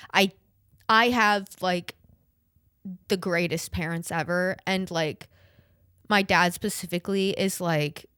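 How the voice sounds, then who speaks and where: A woman's voice: medium pitch, fairly bright tone, smooth, dry recording. A woman in her late twenties hosting a podcast, chatting casually about her family, rambling with lots of "like" and casual swearing, close to tears. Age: late 20s. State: emotional, near tears. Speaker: podcast host. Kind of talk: casual personal chat.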